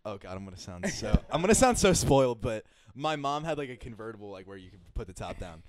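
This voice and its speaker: Brief: podcast co-host, lively pitch, crude jokey banter. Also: male voice, fast talker, crowd noise. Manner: animated, joking, crude banter. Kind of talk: casual chat.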